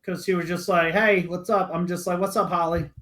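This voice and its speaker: A man's voice: high voice, fairly quick. A young man on a podcast, casually telling a story full of swearing and acted-out voices. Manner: animated, profane, acts out quoted voices. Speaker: podcast co-host.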